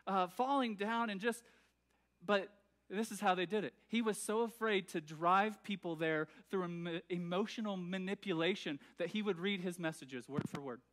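A pastor preaches in a church with a notably high voice for a man. He talks loosely and conversationally, full of fillers and restarts, often checking that the congregation is following along. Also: fairly bright tone. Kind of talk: sermon. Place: church sanctuary.

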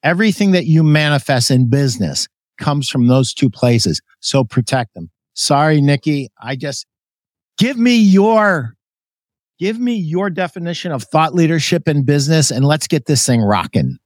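A man's voice: on the high side, lively intonation, moderate pace, no echo, clean studio sound. A man hosting a podcast, giving an emphatic motivational pep talk to store owners that turns emotional and preachy. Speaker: podcast host.

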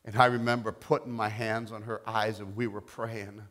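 A middle-aged male pastor preaching a sermon, telling a testimony softly and rising to loud, impassioned declarations. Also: on the low side, level tone, normal speed. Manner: quiet storytelling building to loud, impassioned declarations.

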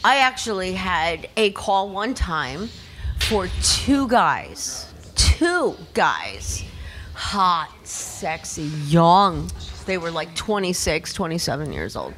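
A woman's voice: fairly low pitch, big pitch swings, takes it slowly, fairly bright tone, soft background music. Frank, profane woman telling stories. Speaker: podcast guest. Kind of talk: casual storytelling.

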